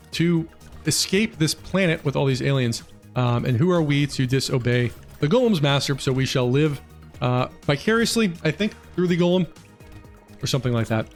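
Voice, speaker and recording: Chatty man giving gameplay commentary. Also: medium pitch. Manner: quick, chatty, with frequent fillers. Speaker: gaming guide host. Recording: faint music behind voice.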